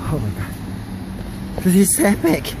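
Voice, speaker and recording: A man from the Philippines vlogging outdoors at night in the snow, shivering from the cold, excitable and swearing a lot as he rambles. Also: sits high, slow pace, vocal fry. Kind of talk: casual vlog. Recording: loud outdoor street noise. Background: loud traffic and street noise.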